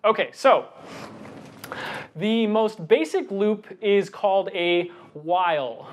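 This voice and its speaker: A middle-aged man presenting a lecture on giving talks, animated, reciting verse with deliberate breaths. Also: sits high, slight background noise.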